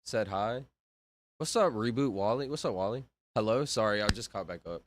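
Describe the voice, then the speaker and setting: Lively rambling male streamer. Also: on the low side, moderate pace. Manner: rambling, self-interrupting, reads chat aloud. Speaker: livestreamer. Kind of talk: casual livestream chat.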